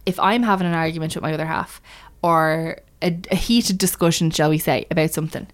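A woman's voice: low-pitched, fast talker. A woman on a podcast chatting candidly, telling stories with lots of restarts and acted-out quotes. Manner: animated, storytelling, restarts often. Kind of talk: candid casual chat.

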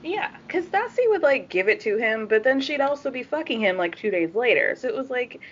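A woman co-hosting a casual reality-TV recap chat, animated and swearing casually. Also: a little high, brisk, dull audio, slight background noise. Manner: animated, laughs often, swears.

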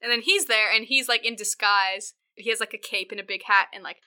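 Bright, chatty woman recapping a film. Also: medium pitch, a little fast, clear, resonant tone. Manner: chatty, filler-heavy storytelling, swears freely. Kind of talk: casual film recap chat.

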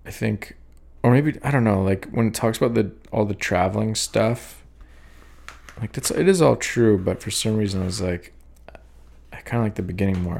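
A young man with a daughter, hosting a podcast and talking over his own poems in a halting, reflective way, with many fillers and restarts. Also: on the low side, creaky, darkish tone. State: sleepy, yawning. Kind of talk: rambling reflective talk.

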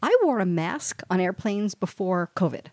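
A woman's voice: medium pitch, animated, normal speed, darkish tone, no room sound, studio quality. A woman co-hosting a podcast, talking candidly and a bit hesitantly in casual chat. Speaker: podcast co-host.

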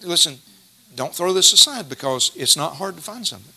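A middle-aged man preaching a sermon, folksy and storytelling, slowing down to stress scripture verses. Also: on the high side, expressive, sharp tone.

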